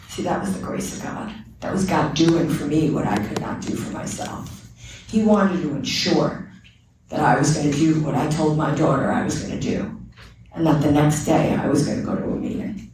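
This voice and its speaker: A woman's voice: deep voice, normal speed, darkish tone, slight background noise. A woman giving a candid, earnest personal testimony at a recovery meeting. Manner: candid, earnest storytelling with quoted dialogue. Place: meeting room. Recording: very echoey room, speaker far from mic.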